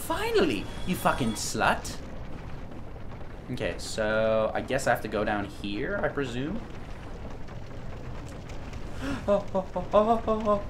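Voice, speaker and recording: A young man giving blind let's play commentary as a gaming YouTuber, swearing and swinging from low grumbling to loud outbursts. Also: background noise.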